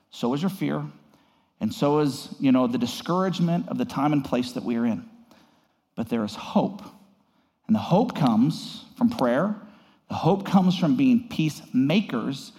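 A man pastoring a congregation, giving an earnest devotional message, halting with fillers and rising higher on key words. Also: a little mellow, long reverb tail.

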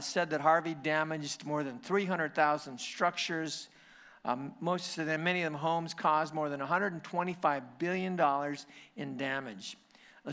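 A male pastor with a bright, forceful tone and a voice pitched a little high for a man. He prays and preaches conversationally, often restarting his phrases. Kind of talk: sermon.

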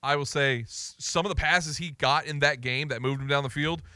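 A man hosting an afternoon sports talk radio show, excitable and blunt, taking calls. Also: fairly high pitch, normal speed, clear, resonant tone, no room sound, clean studio sound.

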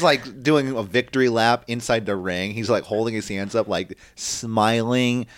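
A man co-hosting a casual wrestling podcast, animated and swearing freely, acting out what others said. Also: lowish voice, a little slow, no echo, clean studio sound. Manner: animated, swears, acts out quotes. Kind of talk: casual chat.

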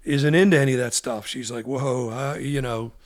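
A man's voice: medium pitch, steady tone, moderate pace. A man co-hosting a casual talk show who tells personal stories earnestly. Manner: earnest storytelling. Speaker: co-host and musician. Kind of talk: casual podcast chat.

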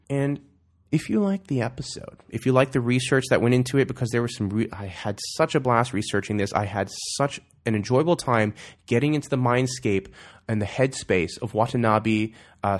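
Dude hosting his podcast, chill mid-pitch voice, chatty and rambly, says "man" a lot. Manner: chummy, calls listeners "man"; loose, rambling, self-correcting. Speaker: podcast host. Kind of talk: casual podcast outro with plugs.

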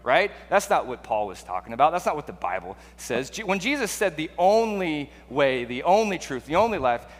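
A man's voice: on the high side, sing-song, normal speed, hardly any pauses. A man preaching a sermon in a conversational way, full of rhetorical questions and restarts. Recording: long hall reverb.

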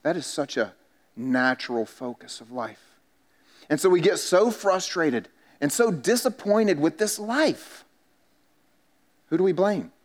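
A man's voice: a little high, expressive, a little slow, long pauses. A man, a pastor preaching a sermon in a church and telling stories with self-mocking humor. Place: church sanctuary.

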